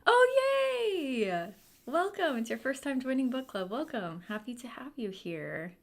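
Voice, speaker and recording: A woman hosting a book club livestream, chatting casually and reading viewer comments aloud with lots of fillers. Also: a little high.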